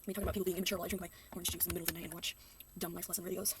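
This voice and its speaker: A woman's voice: on the low side, flat delivery, very fast, distant mic, background noise. A young woman reacting to a video in casual commentary, ranting sarcastically and slipping into mocking voices. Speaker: reaction youtuber.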